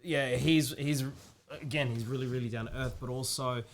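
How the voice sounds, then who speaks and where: A man's voice: mid-range voice, steady tone, slight background noise. A man co-hosting a podcast, talking casually with frequent restarts. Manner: halting, many restarts and fillers. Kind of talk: casual chat.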